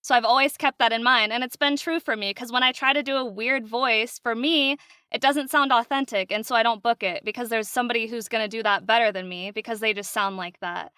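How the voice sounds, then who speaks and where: A woman voice actress chatting as a guest on a podcast, animated and laughing often. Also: fairly high pitch, fairly quick, clean tone, no room sound, studio quality. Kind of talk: casual podcast interview.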